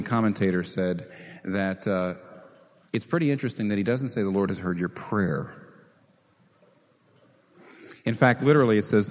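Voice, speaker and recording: A man preaching a sermon as pastor, animated, asking his listeners rhetorical questions. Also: lowish voice. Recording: reverberant hall.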